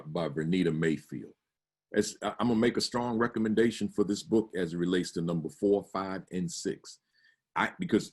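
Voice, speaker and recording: Deep, husky man giving staff training. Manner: earnest, repeats words often, asks rhetorical questions. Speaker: school administrator leading staff training. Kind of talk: staff orientation talk.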